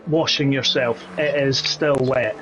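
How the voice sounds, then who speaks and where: A man's voice: medium pitch, fairly even intonation, a little slow, a bit bright, dull audio, a little hiss or hum. A man joining a sim racing broadcast, jokey and rambling, with many hesitations.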